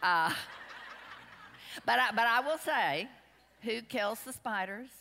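A woman's voice: a little high, animated, slow, pushed and bright, slight background noise. A middle-aged woman, telling rambling, self-deprecating anecdotes to a group in a large room. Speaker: women's class speaker. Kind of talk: storytelling talk to a group. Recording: long hall reverb.

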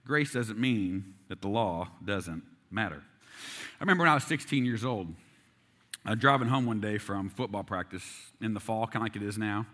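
A man's voice: lowish voice, normal speed, a bit bright. A man in his forties preaching a sermon, telling a personal story in a conversational, self-deprecating way and asking the congregation rhetorical questions. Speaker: pastor.

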